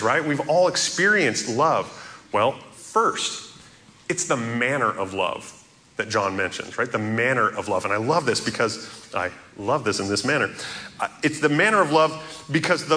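A man preaching an earnest sermon as a pastor, stressing quoted scripture slowly and emphatically. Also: mid-range voice, pushed and bright, slight background noise.

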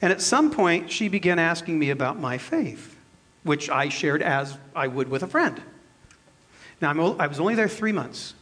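A man's voice: on the high side, moderate pace. A man in his fifties, a pastor preaching a sermon and telling a personal story in a jokey, self-deprecating way. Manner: animated, shifts between loud and soft.

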